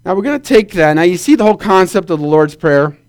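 Man preacher with a high, lifted voice, animated sermon delivery, calls for amens. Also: quick pace, clear, resonant tone. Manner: animated storytelling with calls for amen.

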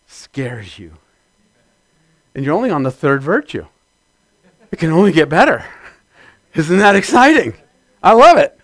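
A man preaching a sermon, building from steady teaching to loud shouted amens. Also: a little high, dry recording. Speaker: pastor.

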